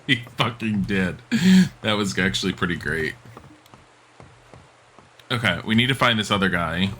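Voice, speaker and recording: Bright-voiced sarcastic streamer man. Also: on the low side, a little hiss or hum. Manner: chatty, sarcastic, laughs often. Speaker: game streamer. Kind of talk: live gaming commentary.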